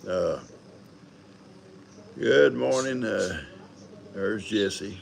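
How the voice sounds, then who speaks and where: Gravelly older man chatting folksy. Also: lowish voice, drawn-out words, a little hiss or hum. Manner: rambling, folksy, greets viewers by name. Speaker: livestream host. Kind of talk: casual live chat.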